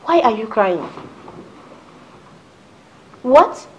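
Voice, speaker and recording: A woman's voice: medium pitch, big pitch swings, measured pace, poor audio. An actress playing a caring young woman who reassures her distraught friend in a film drama. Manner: soothing, urgent, reassuring.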